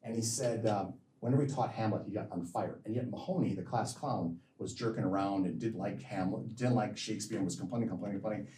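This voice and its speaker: A man's voice: on the low side, fast talker, few pauses, dark tone, distant mic. Rambling man answering questions in an echoey hall. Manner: rambling, self-interrupting, repeats words. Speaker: physician giving a lecture. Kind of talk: lecture Q&A answer.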